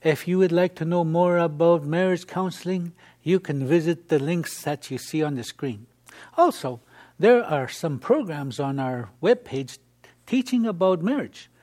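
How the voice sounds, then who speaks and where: A man's voice: on the high side, animated, unhurried, a little mellow. A man hosting a Christian broadcast, thanking guests and inviting viewers to turn to faith in an earnest way. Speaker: host.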